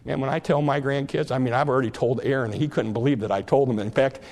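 Gravelly older preacher telling a story. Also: male voice, medium pitch, quick pace. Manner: lively, jokey storytelling with laughs. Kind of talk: sermon storytelling.

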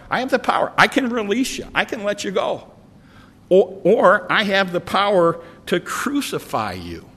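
Guy preaching a sermon, bright forceful voice, big echoey hall. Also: mid-range voice, slight background noise. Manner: earnest, repeats words, reads scripture aloud.

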